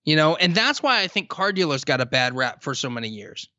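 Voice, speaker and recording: A man talking casually on a podcast, telling stories with emphatic, drawn-out stresses. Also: a little high, very animated, sharp tone, no room sound, lo-fi sound.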